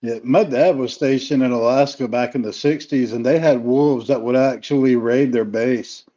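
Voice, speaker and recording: Mellow man on a muffled line. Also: medium pitch, fairly even intonation, normal speed. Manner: brief agreeing responses. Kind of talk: casual chat.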